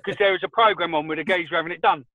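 Sweary high-voiced man on a call. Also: rapid-fire, dry recording. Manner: swears freely, animated anecdotes. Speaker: podcast co-host. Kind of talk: casual chat. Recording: tinny phone line.

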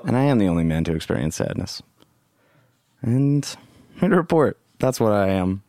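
A man's voice: on the low side, sing-song, moderate pace, mellow, no room sound, clean studio sound. A man hosting a casual comedic podcast on his own, goofy and rambling, swearing freely and slipping into silly voices. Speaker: podcast host.

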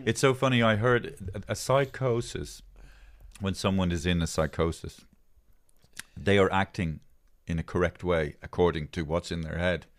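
A man's voice: deep voice, normal speed. A man, co-hosting a casual chat podcast, telling stories animatedly and putting on voices. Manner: animated storytelling, puts on voices, laughs. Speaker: podcast co-host.

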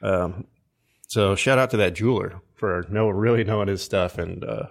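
A man with a lowish voice talks through a movie plot in casual podcast chat. He wanders and backtracks, filling gaps with ums as he goes. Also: moderate pace, vocal fry. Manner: meandering, many ums and restarts. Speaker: podcast co-host.

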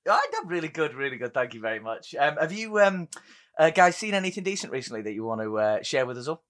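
A man's voice: on the high side, very animated, quick pace, a bit bright. A man hosting a casual film podcast, playful and laughing often between remarks. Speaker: podcast host.

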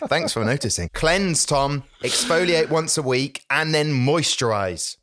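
A man's voice: on the high side, a little slow. A man in his thirties, a podcast guest, telling stories in casual chat and acting out conversations. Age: 30s. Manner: animated storyteller, acts out conversations.

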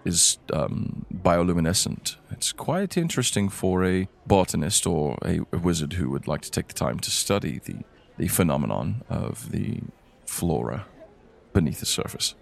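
A man's voice: low-pitched, gravelly. A man narrating a tabletop game as game master, rambling with fillers.

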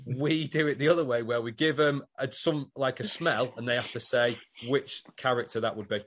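A man's voice: medium pitch, steady tone, normal speed, a bit bright, slight background noise. A man co-hosting a podcast in casual, rambling chat. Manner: chatty, rambling, with fillers. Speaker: podcast co-host.

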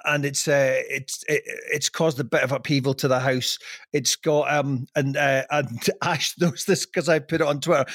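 A man's voice: on the high side, a bit bright, dry recording, studio quality. A middle-aged man chatting as a podcast guest, rambling and self-deprecating, laughing often. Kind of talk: casual podcast chat.

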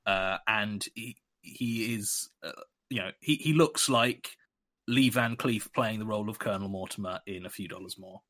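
A man's voice: fairly low pitch, normal speed, fairly bright tone. A British man chatting and joking as a player in a tabletop game, rambling with many fillers. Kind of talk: casual tabletop game chat.

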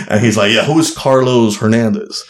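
A young man from Miami, a guest comedian, telling a story in a rambling, profane way full of fillers. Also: medium pitch. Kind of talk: casual podcast storytelling. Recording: roomy echo.

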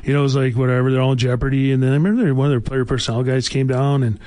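A man's voice: mid-range voice, fairly even intonation, racing, dark tone, no room sound. A man in his forties, a former hockey player, telling rambling stories full of fillers in a casual talk show chat. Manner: rambling, filler-heavy anecdotes. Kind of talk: casual storytelling.

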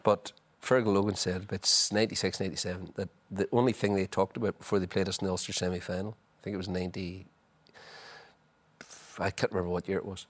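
Animated man telling stories. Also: low-pitched, fast talker. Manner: chatty, leans on "you know", acts out scenes. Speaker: guest, former footballer. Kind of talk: animated anecdotal storytelling.

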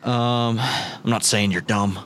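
A man's voice: medium pitch, steady tone, slow pace, a bit bright, a little hiss or hum. A man co-hosting a casual gaming podcast, joking around in playful banter. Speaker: podcast co-host.

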